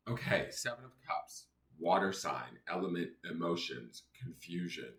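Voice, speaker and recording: A man's voice: low-pitched, very animated, measured pace, hardly any pauses, a bit bright. A man giving a casual daily tarot reading, angry and venting as he explains the cards. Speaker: tarot reader. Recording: echoey room, faint noise.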